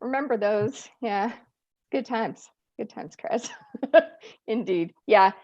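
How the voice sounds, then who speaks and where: A woman from Eastern Europe performs a stand-up routine, chatty and self-deprecating, often laughing at her own jokes. Her voice is a little high, slow and a little mellow, and the audio sounds dull.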